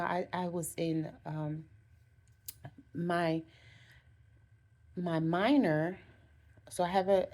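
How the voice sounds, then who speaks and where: A woman vlogger speaks in a relaxed, conversational way, sharing reflective self-help thoughts. Her voice sits a little low and sounds warm and mellow. She keeps circling back with "again" and "you know" and corrects herself mid-sentence.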